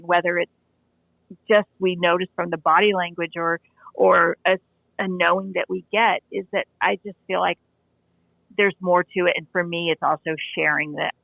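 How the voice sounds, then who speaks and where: Over tinny, dry phone-line audio with no room sound, a fairly low, gravelly female voice comes through. She's an animal communicator in her forties, telling stories in a casual interview and often starting over mid-thought.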